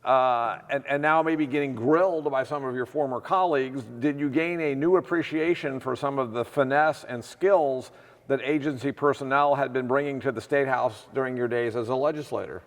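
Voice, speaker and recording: A man interviewing a former official for an oral history project, asking measured questions with hesitant restarts. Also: medium pitch. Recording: hall reverb.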